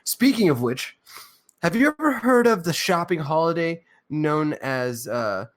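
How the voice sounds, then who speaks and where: Male podcast host, slightly high voice, rambling, profane, filler-heavy casual chat. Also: very animated, unhurried.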